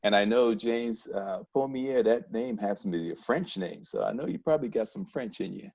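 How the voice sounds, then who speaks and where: Panamanian-accented man, low and reflective. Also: creaky, darkish tone, lo-fi sound. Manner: reflective, halting with many restarts. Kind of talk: town hall discussion.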